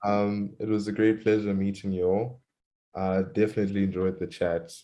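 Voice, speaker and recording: A man's voice: lowish voice, little pitch movement, normal speed, warm tone. A man as a guest in a casual livestream chat, easygoing and polite.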